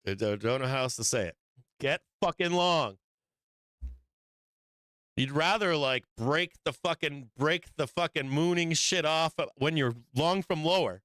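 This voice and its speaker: A man's voice: a little high, moderate pace, hardly any pauses, fairly bright tone, dry recording. A man hosting a live stock market show, giving blunt and profane trading commentary with frequent emphatic swearing and laughs between points.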